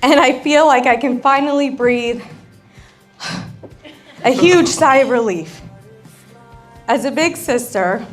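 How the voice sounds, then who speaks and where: A woman, the bride's sister, giving a wedding reception toast, joking about herself and laughing often. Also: on the high side. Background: faint crowd and music.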